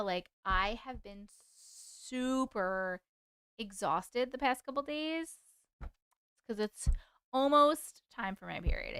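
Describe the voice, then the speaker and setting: A woman's voice: mid-range voice, a bit bright, clear, resonant tone, no room sound, studio quality. A woman hosting a live stream, chatting casually with viewers, laughing often and swearing now and then, then reading their stories aloud.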